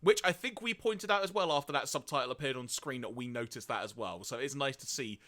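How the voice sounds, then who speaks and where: Lively, bright-voiced male podcast host. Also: mid-range voice, fast talker. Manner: reads notes aloud, laughs often. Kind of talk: casual podcast discussion.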